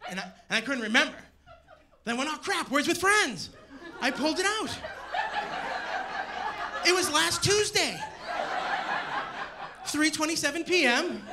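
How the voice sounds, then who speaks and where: A man doing a stand-up comedy set on stage, animated and shouting his punchlines. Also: very high voice, unhurried, pauses often, noisy background. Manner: animated, loud punchlines to a laughing crowd. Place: comedy stage before a live audience. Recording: live show with loud crowd laughter.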